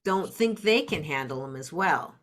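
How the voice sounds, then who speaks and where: A middle-aged woman, a parenting coach appearing as a podcast guest, explains things step by step in an interview and acts out example phrases. Her voice sits low but is animated and a bit bright, at a normal speed.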